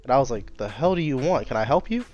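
A young man speaking bluntly on a relaxed podcast, telling stories in a deadpan way. His voice sits at an ordinary middle pitch, with faint music in the background. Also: fast talker. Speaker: podcast co-host. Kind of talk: casual chat.

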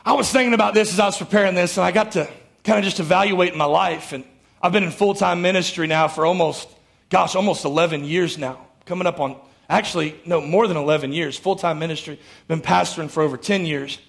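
A man preaches from the pulpit, his voice riding high and edged with a gravelly fry. He talks with emphatic force and keeps pulling the congregation in with questions and calls for an amen, as a sermon in a church. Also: steady tone, fairly quick, fairly bright tone. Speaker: pastor. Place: church sanctuary before a congregation.

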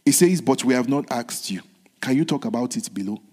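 A man preaching a sermon in an earnest way, repeating his phrases and moving between soft whispered lines and raised ones. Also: mid-range voice, lively intonation, a little fast. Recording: long hall reverb.

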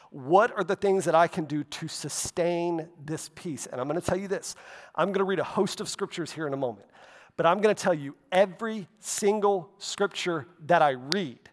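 A man's voice: high-pitched, moderate pace. Man preaching in a reverberant hall. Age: adult, walked with faith over half his life. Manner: conversational preaching with asides and tag questions. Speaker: pastor. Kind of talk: sermon.

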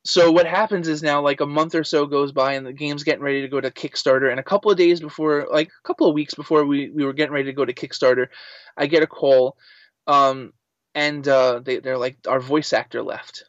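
An animated man chatting as an interview guest, telling his story in a loose, casual way with many fillers. His voice sits a little high for a man. The sound is dry and slightly dull. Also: a little fast, dry recording. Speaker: guest, voice actor and writer. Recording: slightly muffled dry recording.

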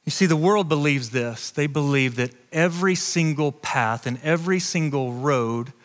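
A man preaching a sermon from a church stage with passion, moving between loud declarations and hushed, intimate storytelling. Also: fairly high pitch, normal speed, big-room sound. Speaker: pastor.

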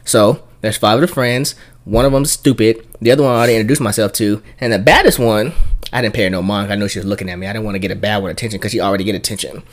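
A man casually telling a night-out story, animated and playful, and he mimics other people's voices as he goes. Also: very fast. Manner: animated storyteller, acts out high squeaky voices for the women he quotes.

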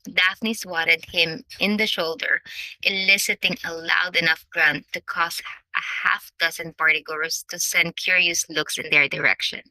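A woman reading a novel aloud as audiobook narrator, in measured storytelling. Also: lowish voice, steady tone, sharp tone, dry recording, rough recording.

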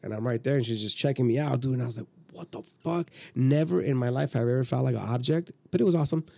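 A man's voice: mid-range voice, rapid-fire, gravelly, warm tone, dry recording. A man in his thirties telling a rambling, profane story on a casual podcast. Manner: profane, rambling, acts out quotes. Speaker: podcast guest.

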